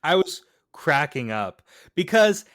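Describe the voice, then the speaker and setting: A man's voice: fairly high pitch, big pitch swings, takes it slowly, fairly bright tone, dry recording, clean studio sound. A man co-hosting a podcast, chatting casually about a film and animatedly retelling scenes, acting out the lines. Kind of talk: casual film discussion chat.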